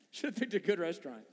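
A man preaching a sermon, animated, with joking asides and acted-out voices. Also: sits high, in a large hall. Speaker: pastor.

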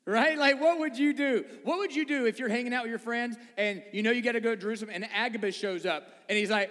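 Male preacher, high voice, lively and jokey, long hall reverb. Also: fast. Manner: animated, joking asides and acted-out voices. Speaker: pastor. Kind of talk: sermon.

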